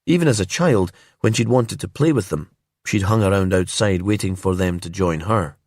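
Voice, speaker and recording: A man with a low voice reads a crime story slowly and calmly, keeping his delivery hushed and immersive. The sound is dry and close, with no room around it. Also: no echo. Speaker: narrator. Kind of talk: calm scripted storybook narration.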